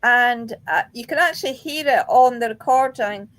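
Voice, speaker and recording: Woman, slightly high voice, lively ghost-hunting anecdote told in a relaxed chat. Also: normal speed. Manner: animated, quotes voices in her stories. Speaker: paranormal investigator. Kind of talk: casual storytelling chat.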